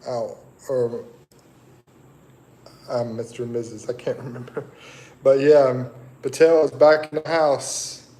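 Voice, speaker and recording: Slow, rambling male livestream host. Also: medium pitch, fairly even intonation, warm tone. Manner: rambling, chatty, thinks aloud. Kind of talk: casual live chat reading viewer comments.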